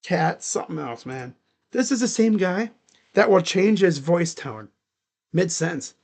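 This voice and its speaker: A man with a fairly high voice calls a basketball game live for his stream. He talks casually and rambles between plays, saying "like" a lot. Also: lively intonation, a little slow, creaky, darkish tone. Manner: casual, rambling, heavy use of "like". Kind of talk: live play-by-play reaction commentary.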